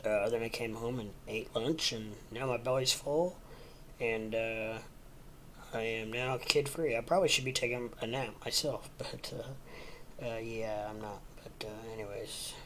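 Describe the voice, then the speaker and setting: A man's voice: medium pitch, fairly even intonation, normal speed, a bit bright, slight background noise. A man hosting a casual livestream from home, sleepy and rambling with lots of ums and uhs. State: sleepy, yawning. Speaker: livestream host.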